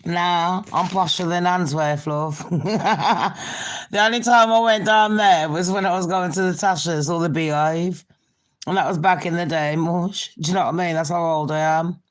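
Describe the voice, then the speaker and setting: A woman's voice: fairly low pitch, fairly even intonation, normal speed. A woman giving a sweary, mocking commentary vlog, laughing at her own jokes. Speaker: commentary vlogger.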